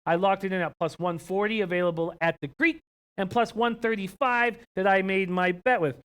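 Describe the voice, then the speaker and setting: A young Canadian man with a high voice hosts a sports betting live stream at a normal pace, his tone clean. He chats in a relaxed way, reading viewer comments and betting odds aloud, with lots of ums and uhs.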